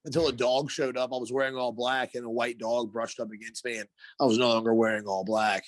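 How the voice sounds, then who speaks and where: A man's voice: mid-range voice, level tone, brisk, dry recording. A man co-hosting a podcast, telling a long story in a rambling, profane way, full of fillers. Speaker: podcast co-host. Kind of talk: casual storytelling.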